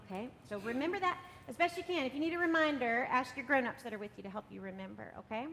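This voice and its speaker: A woman leading a children's message in church, coaxing and gentle, often checking in with "right?". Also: fast. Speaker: children's sermon leader. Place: church sanctuary. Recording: long reverb, faint rumble.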